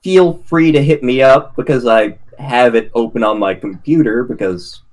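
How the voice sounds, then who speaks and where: A man co-hosting a game stream, wrapping up in casual chat, rambling and halting with frequent restarts. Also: medium pitch, darkish tone. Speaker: streamer co-host.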